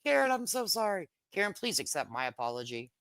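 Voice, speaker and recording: A woman's voice: lowish voice, very animated, quick pace, fairly bright tone, dry recording. A middle-aged woman hosting a casual livestream, reading viewer comments in a brash, joking way, swearing lightly and laughing often. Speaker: livestream host.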